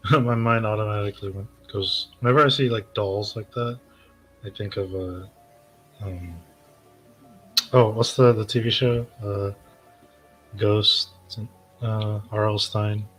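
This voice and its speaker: Lower-voiced man fumbling for words. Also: fairly even intonation, unhurried, long pauses, a bit bright, soft background music, rough recording. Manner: hesitant, searching for words. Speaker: podcast co-host. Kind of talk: casual movie review banter.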